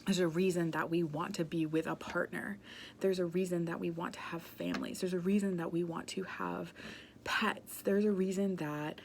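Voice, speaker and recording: A woman speaks earnestly and passionately, in a conversational way full of "um" and "like". Her voice sits a little low and has a gravelly, fry-edged texture. A faint hiss of noise runs underneath. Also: fairly even intonation, normal speed. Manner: passionate, conversational, many "um" and "like" fillers. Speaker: speaker on emotional wellbeing. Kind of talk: earnest spoken talk.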